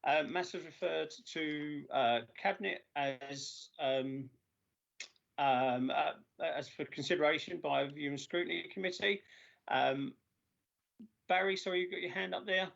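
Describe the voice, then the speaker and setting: A man chairing a formal council meeting over a video call, halting with many filler sounds and losing his voice. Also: fairly high pitch, vocal fry, fairly bright tone. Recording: dull lo-fi video call audio.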